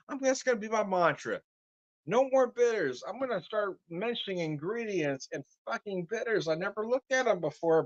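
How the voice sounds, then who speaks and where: Ranting casually to camera, a whiskey vlogger swears freely and breaks into laughs. His voice is high, recorded lo-fi with no room sound.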